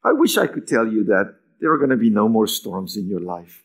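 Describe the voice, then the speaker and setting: A pastor, male, preaches with a mix of emphatic lines and hushed, near-whispered moments, acting out quotes in a higher, livelier pitch. The pace is a little fast.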